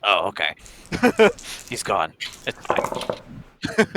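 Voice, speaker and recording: A man's voice: fairly low pitch, huge pitch swings, extremely slow, background noise. A man playing a tabletop game, describing his moves with hesitant, chuckling asides. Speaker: player. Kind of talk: casual tabletop play.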